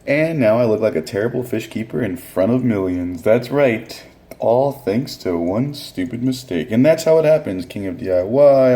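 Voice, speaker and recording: A man's voice: on the low side, warm tone. A young man vlogging casually to camera in a home room full of aquarium tanks, chatty and jokey, often calling his viewers guys.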